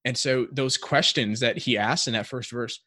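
Man, podcast co-host, casual faith talk, reflective, thinking aloud, middle pitch, dry close recording. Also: steady tone, moderate pace, sharp tone, dry recording.

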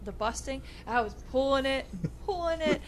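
A young adult woman co-hosting a podcast, telling a story in casual chat, animated and laughing with lots of "like" fillers. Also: high-pitched, moderate pace, slight background noise. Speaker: podcast co-host.

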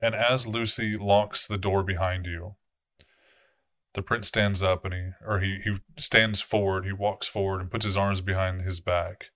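Forceful casual game master narrating. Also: male voice, low voice, level tone, unhurried, dry recording, studio quality. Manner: casual, self-correcting narration with profanity. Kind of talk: narrating a tabletop role-playing game.

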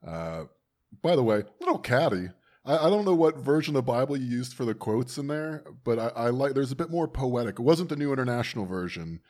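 A man's voice: medium pitch, sing-song, a little fast, a little mellow. A man hosting an interview in a casual, wry, joking way who laughs often. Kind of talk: casual chat.

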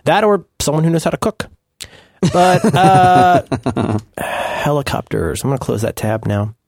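A man's voice: on the high side, sing-song, a little slow, a little mellow, no room sound. A man co-hosting a podcast in casual chat, playful and riffing, dropping into silly voices now and then. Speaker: podcast co-host.

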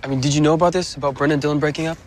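A man's voice: on the high side, fairly even intonation, very fast, over music, lightly acted. An actor playing an indignant young male TV actor who argues with his producer in a film clip. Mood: exasperated. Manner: exasperated, arguing.

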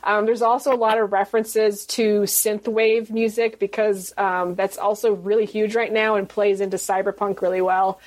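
A woman's voice: mid-range voice, level tone, normal speed, few pauses, a little mellow. A woman author chats on a podcast in a middle-range voice. She rambles, restarts her sentences and laughs often. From United States. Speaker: guest author. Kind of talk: casual podcast interview.

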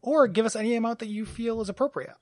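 A man in his late thirties hosting a podcast, wry and relaxed in casual chat. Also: very high voice, quick pace, no room sound, clean studio sound. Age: late 30s. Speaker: podcast host.

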